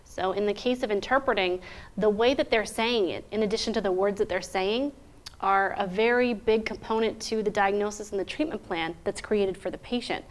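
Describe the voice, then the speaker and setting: A woman's voice: medium pitch, normal speed. Methodical woman teaching with questions. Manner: clear, methodical, rhetorical questions. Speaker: interpreter trainer. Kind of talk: instructional talk.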